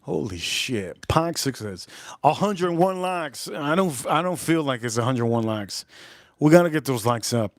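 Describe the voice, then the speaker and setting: A young man hosting a livestream, chatting casually and rambling excitedly from one topic to the next. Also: fairly high pitch, moderate pace, dry recording, clean studio sound. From South Florida. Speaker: livestream host.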